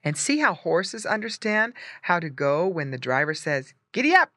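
A storyteller reading a simple story aloud in a clear, gently explaining way for English learners. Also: medium pitch, animated, moderate pace, no echo, clean studio sound.

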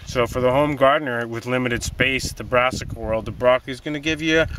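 A man giving a relaxed, folksy gardening demonstration outdoors in his vegetable garden, with many fillers. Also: medium pitch, brisk. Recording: distant outdoor mic, faint noise.

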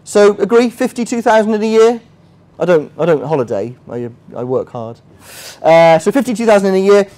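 Higher-voiced man teaching a chatty workshop. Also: lively intonation, a little fast, a little mellow. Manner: chatty, quizzes the audience, self-mocking asides. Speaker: finance workshop trainer. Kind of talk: interactive teaching. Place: workshop room with a live audience.

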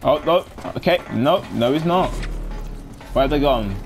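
A young man talks his way through a shooter match, chatty and jokey as he narrates each move. His voice sits a little high for a man, and faint game music plays underneath. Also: lively intonation, measured pace. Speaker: gaming commentator. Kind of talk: live gameplay commentary.

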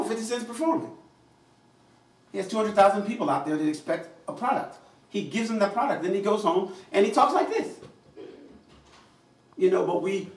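An American man delivers a public address in a slightly high voice. He is animated and acts out the voices of people he quotes. The recording is roomy and echoey, picked up from well away from the mic. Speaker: invited speaker. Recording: echoey room, mic far off.

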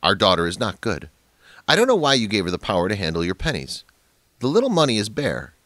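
A man's voice: on the low side, huge pitch swings, quick pace, a bit bright, dry recording. A man voicing a dying elderly wife who frets over her husband, in a storybook narration. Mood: worried.

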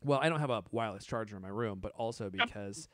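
A man's voice: on the low side, expressive, quick pace, heavy background noise. A man in his thirties co-hosting a casual tech chat, joking and laughing often. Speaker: podcast co-host.

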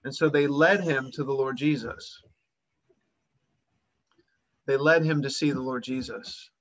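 A man's voice: medium pitch, fairly even intonation, measured pace, a bit bright, highs cut off. A man preaching a sermon, retelling a Bible story and acting out its voices with rising emphasis.

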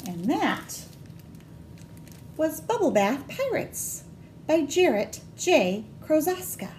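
A woman librarian reads a picture book aloud to children in a slow, gentle, highly animated voice. Her tone is a little high and swings widely in pitch, and the sound bounces around an echoey library room. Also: slight background noise. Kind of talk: storytime read-aloud for children.

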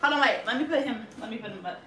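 A woman's voice: on the high side, lively intonation, rapid-fire. A young woman from the Bay Area vlogging playfully at home, joking and laughing with friends while she dances. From Bay Area, California. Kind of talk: casual chat while dancing on camera. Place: room at home. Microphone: camera set across the room. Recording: echoey room, mic far off, faint noise.

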